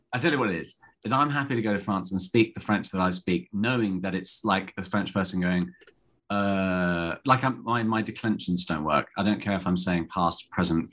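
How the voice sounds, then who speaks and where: Deep-voiced man, chatty actor. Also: fairly bright tone, slightly rough. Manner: chatty and self-deprecating, with many restarts. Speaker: actor, guest. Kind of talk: casual interview chat.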